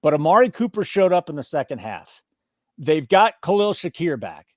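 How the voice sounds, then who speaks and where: A man hosts a sports betting show, his voice bouncing up and down as he jokes and plays mock-offended. He sits a little high for a man and sounds close and dry. It is loose, fast-moving banter. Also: dry recording. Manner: animated, joking, mock-indignant. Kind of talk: casual betting podcast banter.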